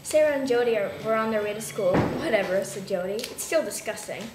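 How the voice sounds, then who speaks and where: A woman in a writing group reading a story aloud softly, amused as she reads the dialogue. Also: on the high side, animated, a little fast. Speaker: creative writing group member. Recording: echoey room, background noise.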